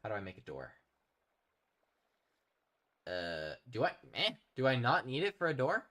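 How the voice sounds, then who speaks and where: A man's voice: medium pitch, huge pitch swings, normal speed, a bit bright. A man chatting casually while live-streaming a game, rambling and reading out his chat. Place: home streaming setup.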